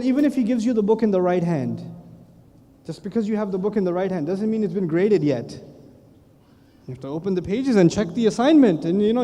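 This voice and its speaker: A man giving a humorous religious lecture, telling stories with animated asides and self-corrections. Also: high-pitched. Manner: animated storytelling with quick asides. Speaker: Islamic lecturer. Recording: long hall reverb.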